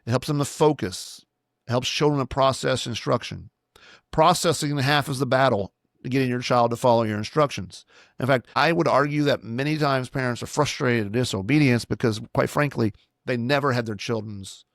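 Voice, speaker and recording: A man's voice: medium pitch, no room sound, studio quality. A man, a pastor, teaching parents on his own podcast in a plain-spoken, instructive way and repeating his key points.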